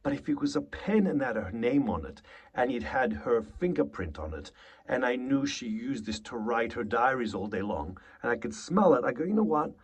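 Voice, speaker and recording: A man's voice: medium pitch, animated, moderate pace, breathy edge. A man coaching actors, talking animatedly and acting out short example lines, swearing freely. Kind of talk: acting lesson to camera.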